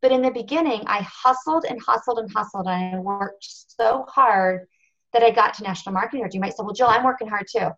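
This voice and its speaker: A woman's voice: mid-range voice, quick pace, fairly bright tone, dull audio. A woman telling her own story on a team conference call, earnest and confessional, stressing her points with repetition. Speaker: national marketing director speaking on a team call. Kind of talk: motivational talk on a conference call.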